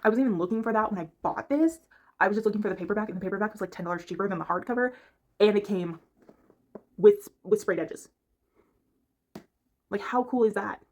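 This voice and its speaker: A chatty woman talks casually about books, in a voice of ordinary pitch. She rambles from point to point and stops to hunt for the right word. She speaks from her bedroom. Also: fairly quick, pauses often, darkish tone. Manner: chatty, rambling, gropes for words. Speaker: book reviewer. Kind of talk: casual chat.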